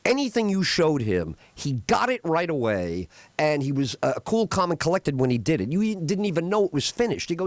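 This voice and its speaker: A man's voice: fairly high pitch, very animated, brisk, hardly any pauses, no echo. A middle-aged man hosting a talk radio show, telling rambling stories with lots of restarts while tearing up. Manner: emotional, rambling storytelling with restarts. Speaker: radio host. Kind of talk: casual talk radio monologue.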